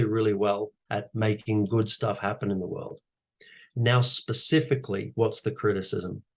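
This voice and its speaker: A man, an actor and teacher, giving coaching advice in an animated, conversational way and repeating his key phrases. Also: on the low side. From Australia. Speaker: guest speaker, actor and teacher.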